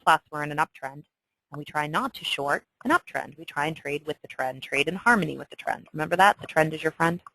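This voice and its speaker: A chatty woman walks through a trading chart, her lowish voice bright and forceful. She is emphatic and keeps checking in with her listeners. The sound is dry, with no room around it. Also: animated, brisk, vocal fry, dry recording, low-quality recording. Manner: chatty, emphatic, often asks "okay?". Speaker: trading instructor. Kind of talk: screen-share trading tutorial.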